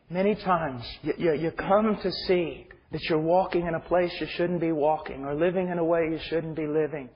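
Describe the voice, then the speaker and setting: A man preaching an impassioned sermon, dropping to hushed near-whispers and rising to loud fervent pleas. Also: on the high side. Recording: dull muffled sound with hall reverb.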